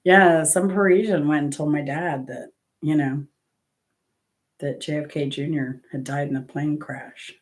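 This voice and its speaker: Here the music trivia host has a low voice, keeping a steady tone and a measured pace. She wanders through travel anecdotes in casual conversation, fixing her own words and laughing as she goes.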